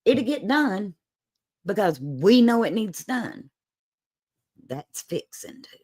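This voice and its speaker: This livestream host from an Appalachian holler in the American South talks slowly in a medium-pitched, slightly mellow, very animated voice. Her Appalachian Southern accent colors the casual, folksy, sassy chat, and she laughs a lot.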